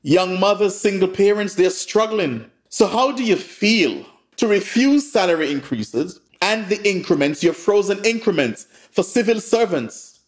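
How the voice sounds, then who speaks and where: Indignant Caribbean newsman. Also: a little high. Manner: sarcastic, indignant, emphatic asides. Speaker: news host and commentator. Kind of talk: reading a release, then opinion commentary.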